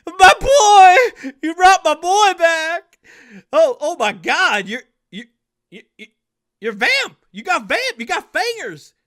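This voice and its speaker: A man's voice: very high-pitched, lively intonation, fairly quick, pitched above the performer's own voice, heavily acted. A man putting on a hollering old redneck patriarch. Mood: overjoyed. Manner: loud, whooping, drawling.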